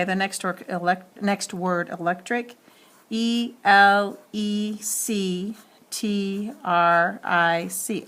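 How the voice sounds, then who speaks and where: A woman's voice: on the low side, fairly bright tone. A woman teacher giving a spelling lesson, speaking carefully and spelling words out letter by letter.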